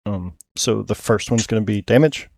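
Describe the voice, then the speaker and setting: Male tabletop player, gravelly voice, slow and halting, dry sound. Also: fairly low pitch, a little mellow, no echo. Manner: counts dice rolls aloud, halting. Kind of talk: casual tabletop play.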